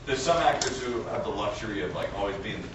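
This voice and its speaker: A man, a voice actor, chatting with fans on a convention panel, telling stories and breaking into loud screams and character voices. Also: on the low side, fast. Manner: animated, breaks into screams and voices mid-story. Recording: echoey hall, distant mic, loud crowd noise.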